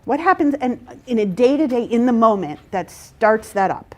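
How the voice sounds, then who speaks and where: A woman's voice: on the high side, lively intonation, moderate pace. A woman facilitating a workshop, explaining to a group and checking in with "right?" and "okay?". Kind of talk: interactive workshop talk.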